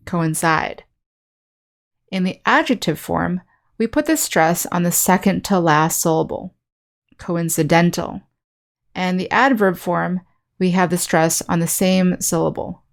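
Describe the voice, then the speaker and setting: Woman English teacher, lowish voice, clear, patient lesson delivery. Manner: clear, slow, teacherly explanation with example sentences. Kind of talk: scripted online lesson.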